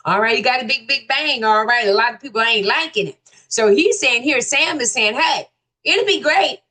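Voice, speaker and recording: A woman hosts a casual commentary show. Her voice sits fairly high and swings up and down. She reads out viewer comments and answers them in a folksy, teasing way. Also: moderate pace. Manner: animated, folksy, exclaims "ooh" and teases commenters. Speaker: host reading viewer comments.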